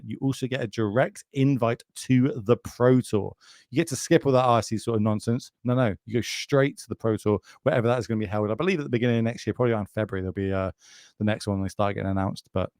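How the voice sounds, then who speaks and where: A man's voice: medium pitch, fast talker, a little mellow, no echo, clean studio sound. A man with a British accent doing chatty, jokey live commentary on a card game and speaking straight to viewers.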